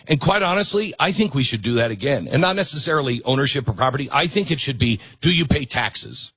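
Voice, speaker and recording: A man hosting a political commentary show, sarcastic and animated. His husky voice swings widely in pitch. The sound is close and dry. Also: fast talker, few pauses, no room sound. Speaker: host.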